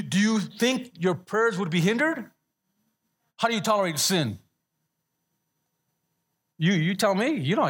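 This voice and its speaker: Husky yet a bit bright, this pastor's high male voice carries a conversational sermon. He keeps restarting words and invites the congregation to respond in call-and-response fashion.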